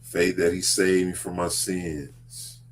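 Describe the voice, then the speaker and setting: A man hosting a casual talk show about faith, speaking earnestly and deliberately. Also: low-pitched, level tone, slight background noise. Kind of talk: casual religious discussion.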